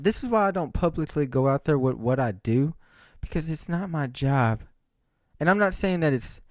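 A man's voice: on the high side, no echo, clean studio sound. A man talking to camera in a rambling, profane monologue, checking in with frequent "right?" asides. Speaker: vlogger.

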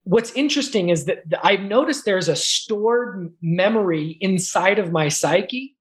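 A man in a casual talk about coaching, thoughtful and earnest, often pausing to find his words. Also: high-pitched, fairly bright tone. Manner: thoughtful, searching for words, slow earnest phrasing. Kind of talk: reflective conversational talk.

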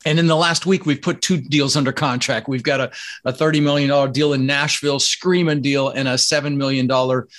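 A man from the Netherlands, a podcast guest, talking in a casual interview with energetic, emphatic delivery. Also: brisk. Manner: energetic, emphatic, jumps up in pitch when excited. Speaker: podcast guest, real estate investor.

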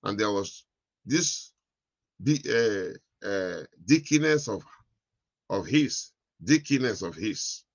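Husky man preaching with emphatic repetition. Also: fairly low pitch, lively intonation, slow, dry recording, lo-fi sound. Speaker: pastor. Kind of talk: sermon.

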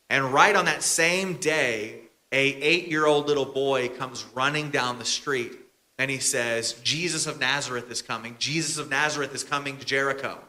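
Bright-voiced male pastor telling a story. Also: medium pitch. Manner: casual, chatty, bantering with the congregation. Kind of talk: storytelling sermon.

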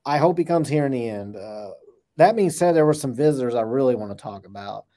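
A man co-hosting a sports podcast, talking excitedly about recruits with joking trash talk and rapid bursts. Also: medium pitch. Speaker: podcast co-host.

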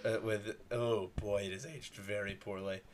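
A man chatting casually about a movie as a co-host, animated, swearing and acting out scenes. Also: on the low side, moderate pace.

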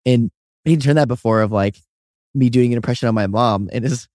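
A man in his twenties co-hosting a podcast in casual chat, telling stories with lively high-voiced impressions of people. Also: a little fast, no room sound, clean studio sound. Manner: animated storyteller, does high-pitched impressions of others. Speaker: podcast co-host.

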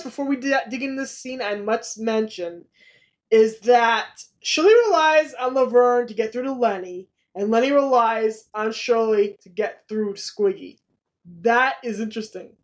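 An upbeat woman co-host in relaxed podcast conversation. Her voice sits a little high for a woman, and she talks with easy enthusiasm, laughing between thoughts. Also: normal speed. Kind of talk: casual podcast chat.

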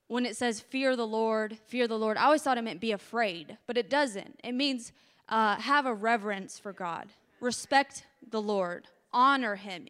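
A woman's voice: a little high, a bit bright. A woman preaching a testimony sermon with passion, her voice cracking with emotion as it builds.

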